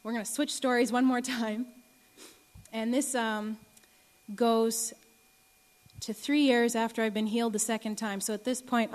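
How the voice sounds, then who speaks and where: An earnest young woman, slightly high-pitched, preaches slowly to a congregation, with many hesitant ums between phrases. Her voice carries a long reverb from a large hall. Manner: earnest, many ums, rises to emotional pleading. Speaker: speaker giving a testimony talk. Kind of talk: sermon.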